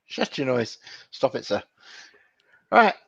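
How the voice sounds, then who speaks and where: A man co-hosting a banter podcast who talks slowly and teases bluntly, his pitch swinging up and down. The sound is dry and a little dull. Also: big pitch swings, gravelly, crowd noise. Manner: teasing, blunt. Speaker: podcast co-host. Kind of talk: casual banter.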